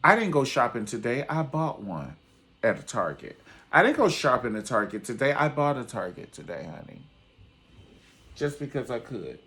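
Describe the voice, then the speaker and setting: A man's voice: mid-range voice, sing-song, normal speed, a bit bright. A man voicing a showy wealthy young woman who brags breezily about money. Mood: boastful.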